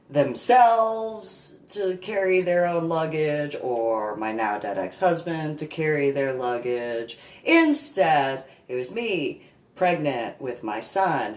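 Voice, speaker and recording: A woman's voice: a bass voice, darkish tone. A woman in her forties, a reverend, rambling through a personal story with sarcastic asides and repeated words. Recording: echoey room.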